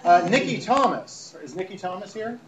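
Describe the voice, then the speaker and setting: Sarcastic high-voiced man. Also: animated, moderate pace, crowd noise, rough recording. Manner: sarcastic, mocking, breaks into laughter. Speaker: radio host. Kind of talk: comedic live show talk, reading emails aloud.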